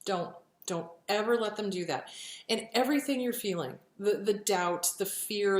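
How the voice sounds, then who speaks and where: A woman's voice: mid-range voice, expressive, moderate pace, roomy sound. A woman giving earnest, reassuring advice in a casual, heartfelt way, repeating phrases for emphasis. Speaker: pet grief speaker.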